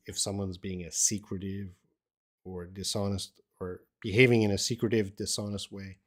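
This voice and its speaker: A middle-aged man with a somewhat low voice runs a live English lesson, reading viewers' questions and thinking aloud. He talks in an encouraging way, often restarting his sentences as he works toward an answer. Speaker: English teacher.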